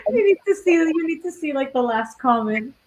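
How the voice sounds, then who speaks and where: Playful high-voiced woman teasing. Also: lively intonation, normal speed, darkish tone. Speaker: livestream guest. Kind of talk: casual livestream chat.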